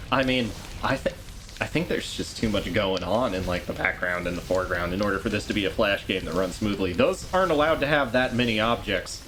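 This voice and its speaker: A man's voice: lowish voice, brisk, slight background noise. A man co-commentating a charity game stream, telling self-deprecating stories in casual banter. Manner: animated, self-deprecating storytelling.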